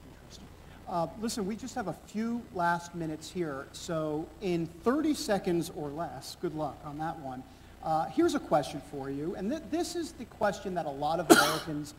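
Animated New York moderator, high lively voice. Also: male voice, moderate pace. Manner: animated and playful, jokey about time limits. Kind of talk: panel moderation. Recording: reverberant hall with faint background noise.

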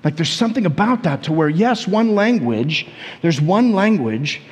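American pastor preaching in a reverberant hall. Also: male voice, fairly high pitch, normal speed. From United States. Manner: conversational, animated storytelling with repetitions. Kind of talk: sermon.

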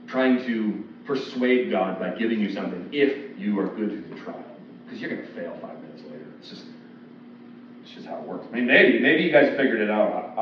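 Man, pastor, conversational sermon, lowish voice, distant mic, big echo. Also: a little hiss or hum. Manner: conversational, acts out quoted voices. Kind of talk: expository sermon. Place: church sanctuary. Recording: echoey, distant, dull church recording.

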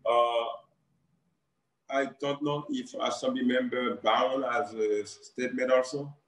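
A man's voice: mid-range voice, fairly even intonation, takes it slowly. Polite male committee chair, roomy audio. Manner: polite, formal. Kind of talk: chairing a remote hearing. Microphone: remote video call. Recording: roomy remote call audio.

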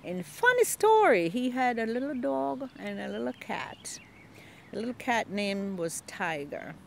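A woman's voice: fairly high pitch, unhurried, vocal fry, slight background noise. An older woman and longtime community gardener, telling stories in a casual interview and acting out the voices she quotes, recorded outdoors in a garden. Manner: animated storyteller, acts out quoted voices.

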